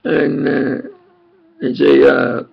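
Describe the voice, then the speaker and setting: An older man with a thick New York accent reminisces aloud, his voice heavy with gravel and a husky edge. He wanders and repeats himself, Italian his first language. The recording is dull and lo-fi. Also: fairly high pitch, completely flat delivery, extremely slow. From New York, USA. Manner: meandering, repeats himself, chuckles while reminiscing. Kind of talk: rambling personal monologue.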